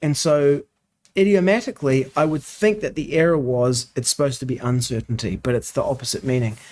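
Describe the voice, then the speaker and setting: A man's voice: mid-range voice, a little fast, darkish tone. A man in a casual study discussion, explaining editing details and thinking aloud with frequent restarts. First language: English. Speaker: co-host discussing scripture editions.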